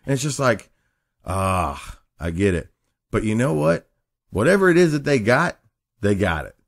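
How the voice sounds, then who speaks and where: A man's voice: lowish voice, big pitch swings, moderate pace, gravelly, dry recording, studio quality. A man, hosting a casual podcast chat and telling rambling, profane stories. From Appalachia. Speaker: podcast host.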